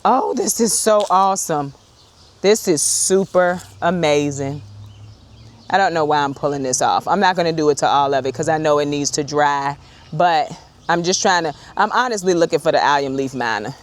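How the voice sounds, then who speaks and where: A woman talks through an outdoor garden harvest in a casual vlog. Her voice sits a touch low for a woman. She is chatty and excitable, calling out to her viewers as she goes, and she is recorded on a small clip-on mic. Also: normal speed. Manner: chatty and excitable, often addresses viewers as y'all. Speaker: urban homesteader, channel host. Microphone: wireless clip-on mic.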